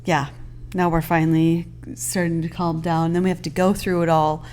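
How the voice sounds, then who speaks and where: A woman with a fairly low voice co-hosts a relaxed podcast from a house-sit. She chats freely and teases her co-host, filling her talk with "um" and "like". The mood is loose, everyday conversation. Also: moderate pace. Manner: chatty, filler-heavy, teasing. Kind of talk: casual podcast chat.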